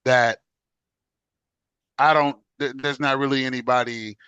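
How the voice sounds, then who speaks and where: A man's voice: mid-range voice, flat delivery, unhurried, sharp tone, smooth, dry recording, dull audio. A middle-aged man co-hosting a podcast, talking in a loose, conversational way and often asking "you know what I'm saying". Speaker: podcast co-host. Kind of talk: casual chat.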